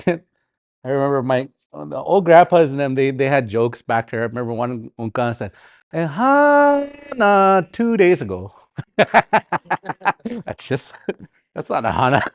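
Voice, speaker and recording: Man, middle-aged, language teacher, slow unhurried delivery, repeats words aloud. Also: medium pitch, creaky, no echo, lo-fi sound. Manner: slow, repeats words, chants song lines, laughs often. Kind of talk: livestreamed language class.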